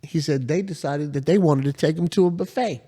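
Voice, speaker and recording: A man co-hosting a podcast, telling work stories in a loose, profane, animated way. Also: a little high, fairly quick, breathy edge. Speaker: podcast co-host. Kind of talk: casual storytelling chat.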